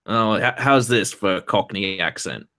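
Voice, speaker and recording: A man's voice: fairly low pitch, normal speed, sharp tone. A young man streaming, chatting casually with his co-host and chat, rambling and swearing freely. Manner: rambling, swears often, hums fillers.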